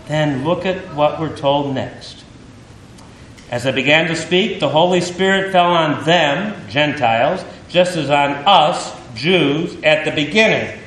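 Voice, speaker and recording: A man preaching a sermon, teaching through a Bible passage with emphatic, animated delivery and dramatic pauses. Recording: echoey room with faint rumble.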